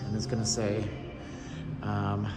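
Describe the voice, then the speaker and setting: Inside a large shopping mall, a vlogger live-streams a walking tour on a phone he holds as he walks, rambling along with joking asides. His voice is low, monotone and slow, with loud music behind it.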